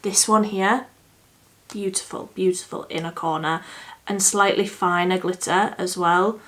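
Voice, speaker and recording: Slow-talking woman chatting through her makeup. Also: on the low side, fairly even intonation. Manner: chatty, thinking aloud, drops to a soft murmur while working. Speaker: beauty vlogger. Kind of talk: casual makeup tutorial chat.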